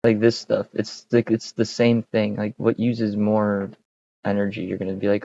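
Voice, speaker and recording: A man thinking aloud in a casual, wry, halting way while he codes, speaking close to a desk mic. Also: on the low side, level tone, creaky, dark tone, lo-fi sound. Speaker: streamer coding on screen.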